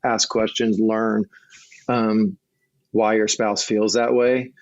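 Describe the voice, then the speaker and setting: A man's voice: fairly low pitch, level tone, takes it slowly, dry recording. A middle-aged man, a marriage coach and guest, talking earnestly in a casual conversation with frequent restarts, on a dull lo-fi recording.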